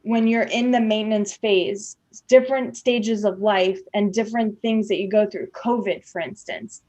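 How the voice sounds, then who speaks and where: A woman's voice: medium pitch, fairly even intonation, moderate pace, darkish tone. A woman hosting a podcast, talking candidly and chattily with many fillers and restarts. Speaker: podcast host. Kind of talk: candid conversational podcast talk.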